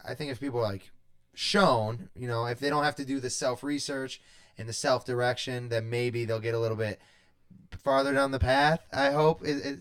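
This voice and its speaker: A man's voice: medium pitch, steady tone, moderate pace, fairly bright tone. A man hosting a podcast in casual chat, talking hesitantly with frequent restarts. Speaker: podcast host.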